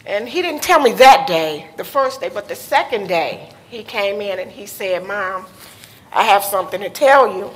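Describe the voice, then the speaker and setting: A woman's voice: medium pitch, expressive, moderate pace. A woman speaking at a conference panel, telling a personal story as a mother, candid and nervous, close to tears at times. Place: conference hall with audience. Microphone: handheld microphone.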